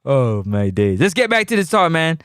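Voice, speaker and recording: Animated man hosting sports talk. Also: fairly high pitch, normal speed, clean tone, dry recording, clean studio sound. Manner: animated, teasing, streetwise slang. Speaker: call-in show host. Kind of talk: casual live sports talk.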